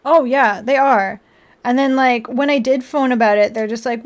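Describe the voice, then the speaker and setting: A woman's voice: fairly high pitch, normal speed. A woman chatting casually on a live stream at home while building a model kit, laughing often and acting out her own annoyed comebacks. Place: indoors at home.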